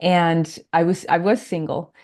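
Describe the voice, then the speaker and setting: Woman coach, warm mellow tone, earnest step-by-step podcast explainer. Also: fairly low pitch, steady tone, measured pace. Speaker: life coach guest. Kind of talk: podcast conversation.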